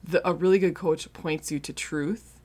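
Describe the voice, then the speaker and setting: A middle-aged woman hosts a faith-based podcast, speaking earnestly and directly to listeners in a casual, conversational way. Her low, darkish voice stays steady at normal speed; she is both the host and a marriage coach client.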